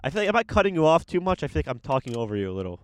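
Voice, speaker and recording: A man's voice: fairly high pitch, very animated, racing, no room sound. A young man, a stand-up comic co-hosting a podcast in a parked car, talking in a rambling, profane, self-deprecating way. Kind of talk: casual chat.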